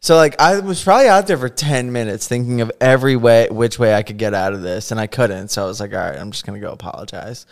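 A man telling a story in casual chat as a podcast guest. He gets animated, laughs as he goes and acts out what people said. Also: mid-range voice, fast talker, few pauses.

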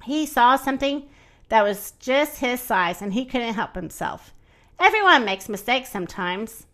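A woman's voice: a little high, lively intonation, measured pace, pushed and bright. A woman reading as a fussy middle-aged male baker, proud of his giant cookie, with a huffy manner. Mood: rueful.

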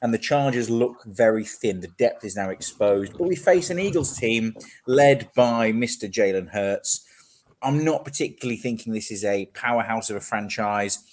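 A man's voice: lowish voice, lively intonation, moderate pace, darkish tone. A man hosting a casual sports podcast. He talks with energy and steers the discussion. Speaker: podcast host.

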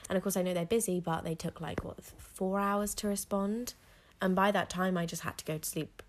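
A woman's voice: medium pitch, fairly even intonation, brisk. A teenage girl hosting a solo podcast, talking frankly and rambling, with lots of "like" fillers. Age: teens. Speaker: podcast host. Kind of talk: candid solo podcast monologue.

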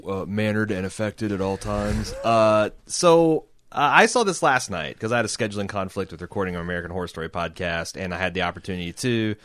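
A man co-hosting a casual movie-review podcast, talking quickly and jokingly with frequent restarts. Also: low-pitched, a bit bright. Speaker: podcast co-host.

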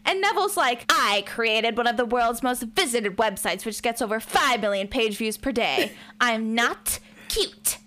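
Lively, animated woman podcaster. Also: a little high, moderate pace. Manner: animated, acts out lines in voices, swears freely. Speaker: podcast co-host. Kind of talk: casual recap chat.

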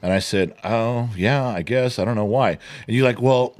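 A man's voice: medium pitch, normal speed. A middle-aged man co-hosting a podcast in casual chat, telling stories animatedly, mimicking voices and swearing. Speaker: podcast co-host.

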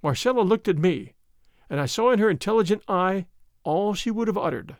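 A man giving a scripted narration of a gothic tale, telling it in an expressive, dramatic way. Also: high-pitched, a little fast, no room sound, clean studio sound. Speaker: audiobook narrator.

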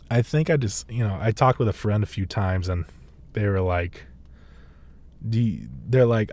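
A man's voice: lowish voice, takes it slowly, pauses often, darkish tone. Rambling young man, podcast host. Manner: rambling, full of "like", laughs often and swears freely. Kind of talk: casual podcast monologue.

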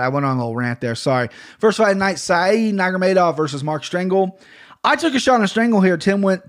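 A man hosting a casual podcast, talking bluntly and with plenty of swearing as he rambles through a fight recap from a home studio mic. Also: a little high. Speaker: podcast host. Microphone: studio microphone.

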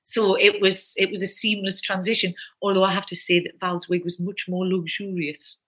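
A woman, chatting animatedly about her acting days and telling lively stories. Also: mid-range voice, normal speed. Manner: animated, lively storytelling with quoted outbursts. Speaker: actress and guest. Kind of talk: casual conversation.

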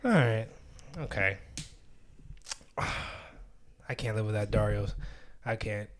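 A man's voice: fairly low pitch, takes it slowly, slight background noise. A young man co-hosting a podcast, chatting casually with lots of slang and laughter. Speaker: podcast co-host.

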